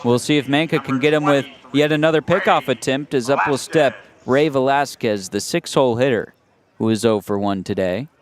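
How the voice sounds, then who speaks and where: A man doing radio play-by-play of a baseball game, calm and steady, rising to excited shouts on big plays. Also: mid-range voice, normal speed. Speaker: play-by-play announcer.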